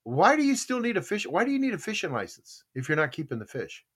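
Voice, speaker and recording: A man's voice: high voice, quick pace, slightly rough. A man hosting a podcast, joking, laughing and reading out the live chat. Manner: lively, jokey, laughs easily. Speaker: podcast host.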